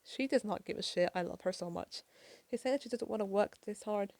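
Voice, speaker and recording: A tired woman rushes through a casual late-night comic review, apologizing and swearing as she goes. Her voice is gravelly, mellow and a bit high, and the sound is dry and close. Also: no echo.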